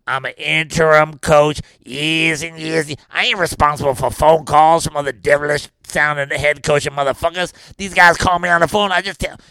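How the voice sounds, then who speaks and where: This man's comic impression of a gravelly Cajun football coach, brash and rowdy, plays out as a mock interview. His raspy voice sits fairly high with a steady tone, moving at normal speed with few pauses as he boasts, rambles and occasionally shouts. No room sound is audible.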